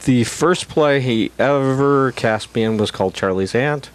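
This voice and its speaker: A middle-aged man, a guest actor, chatting casually on a talk show with wry, deadpan self-mocking humor. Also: mid-range voice, a little slow, smooth. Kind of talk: casual chat.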